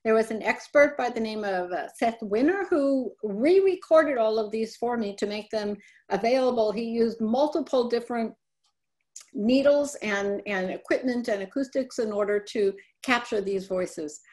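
Middle-aged woman presenter, slightly high voice, casual webinar delivery with frequent self-corrections. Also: normal speed, a little mellow. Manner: conversational, often correcting herself. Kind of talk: webinar talk on family papers.

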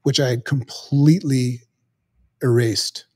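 A middle-aged man, a podcast guest, telling a personal story in an earnest, halting way with many restarts. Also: mid-range voice, steady tone, darkish tone, breathy edge.

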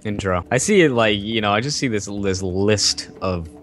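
A man's voice: on the low side, lively intonation, normal speed, fairly bright tone, soft background music. A man chatting through an online game with a friend, joking and swearing, now and then slipping into silly voices. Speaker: gaming YouTuber. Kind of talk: casual gaming banter.

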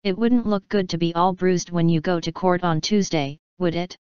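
A woman's voice: lowish voice, fairly even intonation, normal speed, darkish tone, smooth, no room sound, natural voice. A woman voicing a scheming young man who mocks and threatens with a smug drawl. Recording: dull dry audiobook recording.

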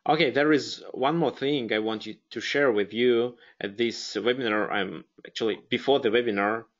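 A man's voice: mid-range voice, normal speed, highs cut off. A man with a Russian accent hosting a live webinar, speaking hesitantly with many fillers and restarts. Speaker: webinar host.

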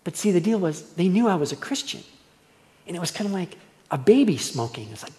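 A man's voice: sits high, sing-song, brisk, warm tone. A male pastor preaching a verse-by-verse sermon in a conversational, storytelling way. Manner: conversational storytelling, acts out quoted voices. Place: church hall. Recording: long church reverb.

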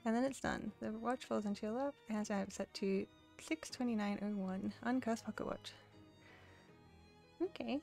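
A woman's voice: fairly high pitch, moderate pace, gravelly, a little mellow, faint music behind. A woman playing a video game, reading its text aloud and joking along playfully. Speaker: let's play host. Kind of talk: casual game playthrough with read-aloud narration.

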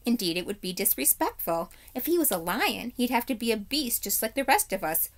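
A woman's voice: fairly high pitch, expressive, fairly quick, voice pushed up. A woman voicing a vain, pompous male warhorse in a storybook, speaking in a superior, fussy tone a little above her own voice. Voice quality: fussy, haughty, hesitant.

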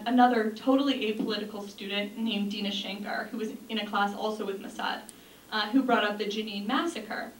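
A young woman giving an earnest talk to an audience, with frequent ums and restarts. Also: mid-range voice. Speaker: speaker. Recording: echoey room from a distance, faint noise.

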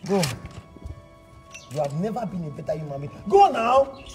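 A man with a Nigerian accent acting in a comedy skit, angry and shouting, repeating himself. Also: on the high side, brisk, faint music behind. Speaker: skit actor.

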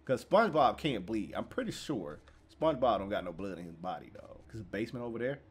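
A young man casually commenting on a horror game, slangy and jokey, yelping when startled and mumbling low when nervous. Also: sing-song, quick pace, husky. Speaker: gaming YouTuber. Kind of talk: casual let's-play commentary.

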